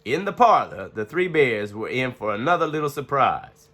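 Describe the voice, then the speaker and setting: A man reads a children's storybook aloud with a very animated, playful delivery. His voice is bright and forward, climbing and dipping with the story. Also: medium pitch, normal speed. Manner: expressive, playful.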